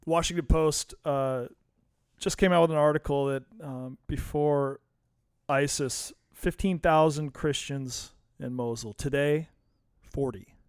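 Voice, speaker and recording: A man hosting an interview, asking measured, direct questions. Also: fairly high pitch, fairly even intonation, clear, resonant tone, no room sound, studio quality. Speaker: podcast host.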